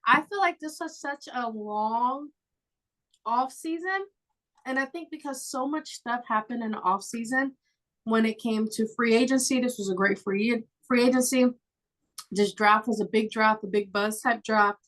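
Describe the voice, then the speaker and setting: A woman's voice: fairly high pitch, normal speed, fairly bright tone, poor audio. A woman co-hosting a sports podcast, talking in a chatty, enthusiastic way. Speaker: podcast co-host. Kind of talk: casual sports podcast chat.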